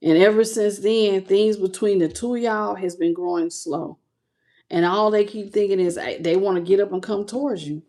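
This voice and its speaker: A tarot reader gives a casual reading to camera with a warm, mid-range voice at normal speed. She speaks straight to viewers in loose slang, clearly moved by what the cards show.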